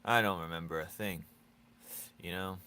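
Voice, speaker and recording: A man's voice: sits low, steady tone, moderate pace, pushed and bright, smooth. A man chatting casually with his viewers while drawing on a live stream, teasing and joking, laughing often.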